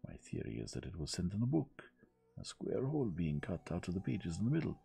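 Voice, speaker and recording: Brief: a man doing a precise, formal older detective for a storybook reading, deep husky voice, lifting into his higher register. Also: very animated, warm tone, heavily acted. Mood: explaining. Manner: measured, formal and deliberate. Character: shrewd older male detective, calm and precise. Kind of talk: gentle audiobook reading.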